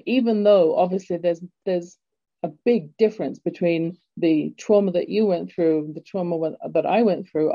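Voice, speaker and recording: A middle-aged woman with an English accent hosts an interview and tells her own story in a reflective, unhurried way. Her voice sits low and mellow. The recording sounds dull and dry, with a lo-fi quality. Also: no echo. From England. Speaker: host. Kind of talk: interview conversation.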